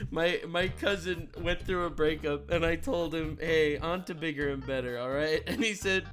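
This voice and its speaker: A man's voice: fairly high pitch, normal speed, fairly bright tone. Sarcastic young man reacting to clips. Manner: sarcastic, crude joking. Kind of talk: casual reaction commentary.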